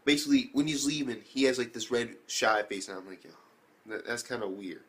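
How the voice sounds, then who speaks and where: A man's voice: medium pitch, brisk, husky. A young man casually recapping an anime episode, rambling with slang, swearing and many fillers. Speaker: anime reviewer.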